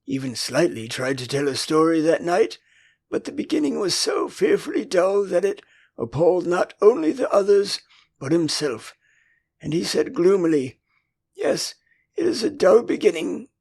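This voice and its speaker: An older man with an English accent narrating a classic children's story as an audiobook, in an expressive storytelling manner. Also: on the high side, moderate pace, vocal fry. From England.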